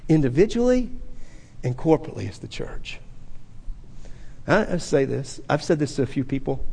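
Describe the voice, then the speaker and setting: A man's voice: high-pitched, vocal fry, a little mellow, breathy edge. A man preaching a sermon as pastor, talking conversationally with sudden emphatic bursts, recorded in a church sanctuary. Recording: long reverb of a large hall.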